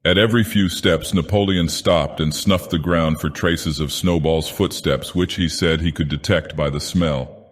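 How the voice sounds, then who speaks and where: A man doing Dagoth Ur, deep and reverberant. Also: steady tone, normal speed, hardly any pauses. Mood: ominous. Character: ancient menacing male god-villain narrating. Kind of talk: audiobook narration in character. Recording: long hall reverb.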